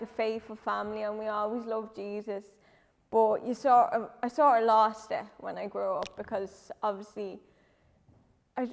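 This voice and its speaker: A woman with a slightly high voice gives a shaky, halting church testimony. She fills her sentences with "um" and "like" as she pushes through her nerves. Her voice carries a long reverb from the church hall. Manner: halting, lots of "um" and "like". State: nervous, close to tears. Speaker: church member giving testimony. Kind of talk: personal testimony.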